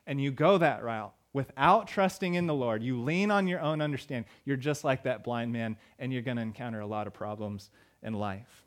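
A man's voice: mid-range voice, fairly quick. A male pastor delivering a sermon in a conversational way, with fillers and emphatic repeated lines.

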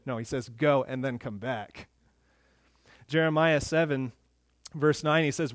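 A male pastor preaching an earnest sermon, rising louder when he quotes scripture. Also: mid-range voice, unhurried, no room sound.

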